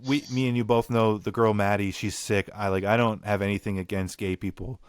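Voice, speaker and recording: A man's voice: on the low side, fairly even intonation, a little fast, clean tone, no echo, studio quality. A young man hosting a casual podcast chat, ranting bluntly and swearing. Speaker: podcast host.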